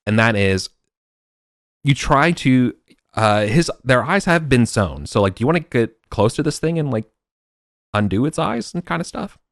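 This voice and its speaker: A man's voice: mid-range voice, sing-song, normal speed, gravelly, a bit bright, no room sound, clean studio sound. A man running a tabletop game as game master, talking in a hesitant way with frequent restarts.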